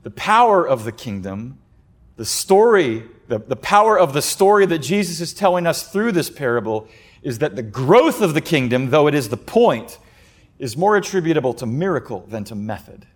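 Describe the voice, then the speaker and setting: Preaching at a moderate pace, a pastor brings energy to his sermon, dramatizing quoted speakers with sudden loud, high outbursts and easing into a soft, hushed tone for the crucial points.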